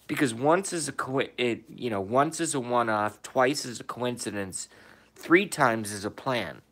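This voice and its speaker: Indoors in his room, a man hosts a casual livestream, reading viewer comments aloud and answering them, swearing and firing off emphatic rhetorical questions. His mid-range voice has a fairly bright tone, and his pace is a little slow.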